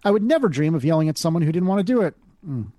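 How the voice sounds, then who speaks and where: Slightly high-voiced man reading listener mail. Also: sing-song, racing, warm tone, no echo, clean studio sound. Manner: reads listener emails aloud, stumbles and restarts, laughs at himself. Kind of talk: casual tech chat.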